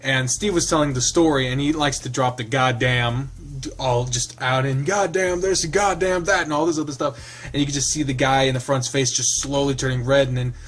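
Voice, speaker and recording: A man's voice: medium pitch, flat delivery, a little fast, a little hiss or hum. A man reading a visual novel aloud, mixing the narration with casual, laughing asides and the odd swear.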